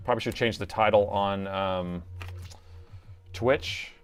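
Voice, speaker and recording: A man's voice: fairly low pitch, takes it slowly, clear, resonant tone, faint music behind. A middle-aged man hosting a live repair stream, thinking aloud as he works and chatting to viewers in a casual way. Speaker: repair technician and stream host.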